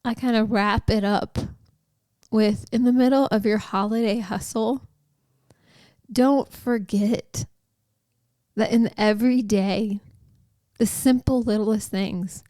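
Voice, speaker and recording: A woman with a slightly high voice tells a personal faith story as a podcast host. She speaks unhurriedly and heartfelt, in a chatty way with many likes and you-knows. The sound is dry and close, with little room echo. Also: steady tone, slow pace, pauses often, mellow.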